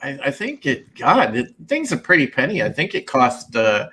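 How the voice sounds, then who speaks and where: A man hosting a casual streamed chat show, rambling with halting restarts and frequent laughs. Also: mid-range voice, wildly swooping pitch, sharp tone, slightly rough. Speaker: podcast host.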